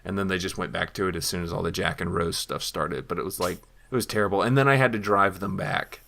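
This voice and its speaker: Creaky low-voiced young podcast host. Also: male voice, fast talker, slight background noise. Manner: animated storyteller acting out quoted lines. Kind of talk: casual chat.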